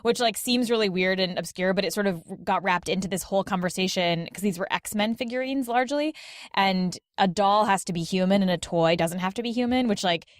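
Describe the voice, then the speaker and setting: A woman on a podcast talks in a loose, chatty style, full of "like" and "um" and quick laughs. Her voice is mid-pitched and sits in a dry, close recording with no room sound. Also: dry recording. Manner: chatty, heavy use of "like" and "um", laughs often. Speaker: guest podcaster. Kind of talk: casual chat.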